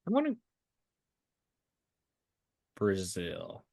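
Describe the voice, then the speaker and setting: A man's voice: low voice, wildly swooping pitch, very slow, creaky, darkish tone, no room sound, studio quality. A young man co-hosting a podcast, answering quiz questions in a laid-back way with short replies. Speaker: podcast co-host. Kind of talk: casual podcast chat.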